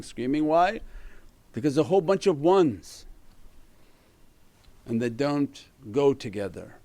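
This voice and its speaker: A man's voice: a little high, warm tone, no echo. Man, religious teacher, earnest sermon, dry close sound. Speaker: spiritual teacher. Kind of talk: religious talk.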